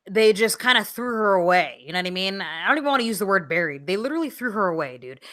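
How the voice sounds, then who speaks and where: Woman, podcast co-host, casual chat, blunt, swears, bright tone. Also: medium pitch. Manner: blunt, swears freely, lots of fillers.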